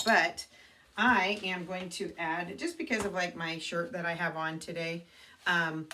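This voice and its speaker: Recorded on a camera mic in her home bathroom, this middle-aged woman is a makeup consultant giving a chatty tutorial, fixing her own slips while she demonstrates. She has a lower voice with a fairly bright tone, and there's slight background noise.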